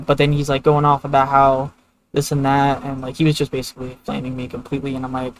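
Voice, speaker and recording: A man's voice: fairly high pitch, little pitch movement, brisk, slight background noise, rough recording. A man streaming a video game, telling a long story in a loose, rambling way with lots of filler words. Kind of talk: casual gameplay commentary.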